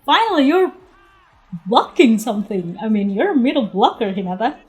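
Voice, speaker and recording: A woman doing live reaction commentary on an anime episode as a vlogger, excitable, with frequent exclamations and laughter, dropping into quiet murmured asides. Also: on the high side, normal speed, soft background music.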